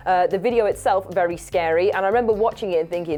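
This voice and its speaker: A young woman tells a story in casual chat and acts out the quotes with lively voices. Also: lowish voice, rapid-fire, hardly any pauses, faint music behind. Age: young adult. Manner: animated storytelling with acted-out quotes. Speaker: show panelist.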